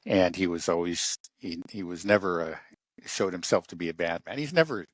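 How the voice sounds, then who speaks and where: A man with a very low, deep voice talks in an unscripted political discussion. He stops and restarts often and fills his pauses with um and you know. The sound is dry and close, with no room around it. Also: no room sound. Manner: halting, many restarts and fillers.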